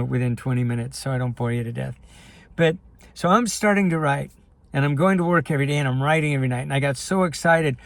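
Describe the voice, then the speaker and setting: A middle-aged man from the United States, a life coach and filmmaker, candidly and emotionally telling his life story in a personal video. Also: fairly high pitch. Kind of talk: personal video talk to camera.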